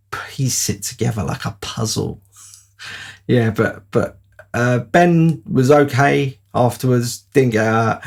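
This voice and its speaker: A man's voice: mid-range voice, creaky, breathy edge. A man telling a rambling personal anecdote in a casual way. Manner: rambling, with fillers and laughs. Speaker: storyteller.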